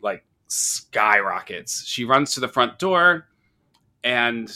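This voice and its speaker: Bright-voiced man recapping a movie. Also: mid-range voice, slow pace. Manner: animated storyteller, acts out quotes. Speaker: podcast host. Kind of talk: casual horror movie discussion.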